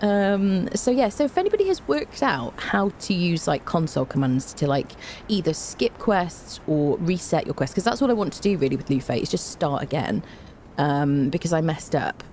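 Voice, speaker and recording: A woman's voice: sits low, animated, moderate pace, darkish tone, slight background noise. A tired woman game streamer in casual live-stream chat, bubbly and chatty as she greets her viewers one by one with repeated hellos.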